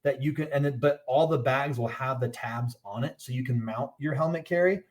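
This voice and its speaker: A gear brand owner appears as a podcast guest, speaking casually in a mid-range voice at a slightly quick pace. He rambles and restarts while explaining his products and pricing.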